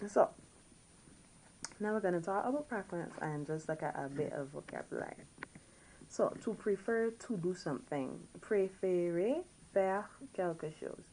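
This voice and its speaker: A woman teaching a recorded French lesson, drilling words slowly and patiently and correcting herself as she goes. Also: lowish voice, expressive, darkish tone, slight background noise, rough recording.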